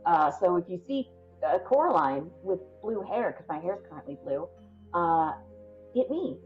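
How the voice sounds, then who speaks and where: A woman's voice: lowish voice, sing-song, normal speed. Midwestern woman, rambling chatty sign-off, dull lo-fi stream mic with faint music. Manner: chatty and rambling, many ums. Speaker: tabletop game player and podcast host. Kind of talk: casual sign-off chat.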